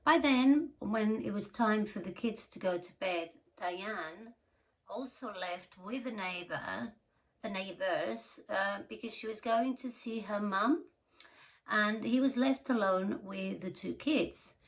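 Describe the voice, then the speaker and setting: A woman telling a true crime story in a casual, chatty way, with giggly asides and some vocal fry. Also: medium pitch, takes it slowly, rough recording.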